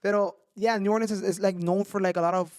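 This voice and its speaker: Brief: animated male podcaster, quick high voice, swears freely. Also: dry recording, studio quality. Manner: animated, swears a lot, mixes in Spanish slang. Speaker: podcast host. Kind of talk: casual storytelling chat.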